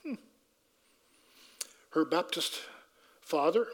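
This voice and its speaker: A man's voice: sits high, lively intonation, normal speed, long reverb tail. A man telling a personal faith story in a conversational way, acting out his own dialogue and restarting sentences. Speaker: speaker giving a personal testimony.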